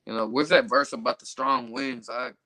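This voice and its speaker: A man's voice: mid-range voice, normal speed, sharp tone, dry recording, low-quality recording. A man reading scripture aloud, then commenting loosely with lots of fillers and stumbling over hard words. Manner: reads verses, then riffs loosely with many fillers. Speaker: Bible study reader.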